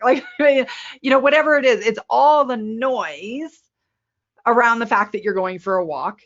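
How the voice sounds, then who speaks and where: A woman presenting a workplace resilience webinar to a camera, lively and quick to laugh at herself. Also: fairly high pitch. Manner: lively, laughs at herself, acts out quoted people. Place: indoor room with a window. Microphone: camera mic. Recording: slightly muffled webinar audio.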